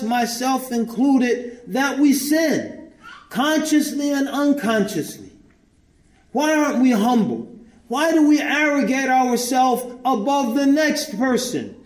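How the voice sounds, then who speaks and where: A man's voice: very high voice, darkish tone. A man preaching a sermon, emphatic, posing rhetorical questions to his congregation and reciting scripture in Arabic before translating it. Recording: echoey room.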